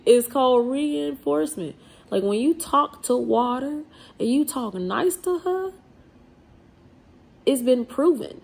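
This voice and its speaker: A woman, speaking to camera in a blunt, emphatic vlog rant. Her voice has a gravelly edge and a husky grain. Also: medium pitch. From New Orleans. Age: 30s. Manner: blunt and emphatic, with swearing and slang. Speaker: vlogger.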